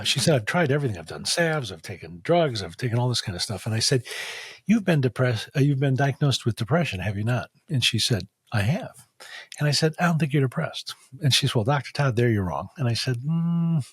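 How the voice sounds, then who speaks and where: Husky man telling a story animatedly. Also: medium pitch, no room sound. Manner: animated storyteller acting out quoted dialogue. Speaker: guest, facial diagnosis practitioner. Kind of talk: storytelling in a podcast interview.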